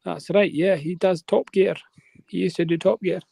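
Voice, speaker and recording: A man's voice: high-pitched, fairly even intonation, normal speed, creaky, warm tone, breathy edge, dry recording. A man telling a long rambling story on a live panel, checking in with his listeners. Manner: rambling, keeps checking in with "right?".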